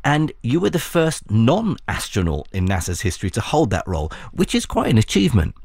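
A man hosting an interview, asking measured, attentive questions. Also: medium pitch, wildly swooping pitch, gravelly, darkish tone, breathy edge, no echo, studio quality.

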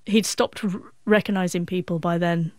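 A woman in her forties with a stutter, telling a personal story as an interview guest in a reflective, halting way. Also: on the low side, fairly even intonation, darkish tone, no echo, studio quality. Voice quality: stuttering with frequent sound repetitions.

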